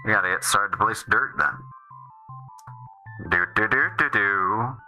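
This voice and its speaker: A man's voice: on the low side, measured pace, pushed and bright, faint music behind, rough recording. A man streaming a game, chatting casually in a rambling way that keeps restarting and trailing off. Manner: rambling, self-interrupting, restarts often.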